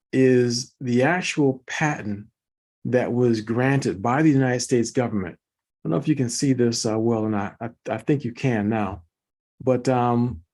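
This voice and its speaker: A man's voice: medium pitch, a little mellow. Enthusiastic man presenting slides. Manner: enthusiastic, addresses viewers as folks, repeats words for emphasis. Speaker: host presenting product commentary. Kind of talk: informal online presentation with slides.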